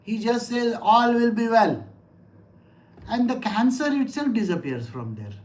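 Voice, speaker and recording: A middle-aged teacher explains scripture in an easy, conversational way. The voice sits at a medium pitch. The teacher keeps asking the listeners questions and tells stories from home. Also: lively intonation, unhurried, a little mellow. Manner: conversational, asks listeners rhetorical questions and tells personal anecdotes. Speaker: spiritual teacher. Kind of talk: scripture lecture.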